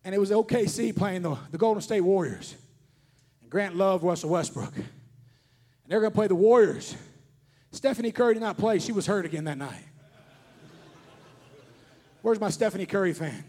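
A man, preaching a fervent sermon as pastor, shouting his points and mixing in joking asides. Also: high voice, a little fast, pauses often. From Kentucky. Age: 40s.

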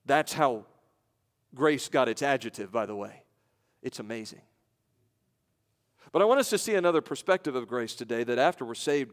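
The long reverb of a large hall surrounds a male American pastor giving a sermon. He moves between loud emphasis and soft, low passages, using rhetorical questions.

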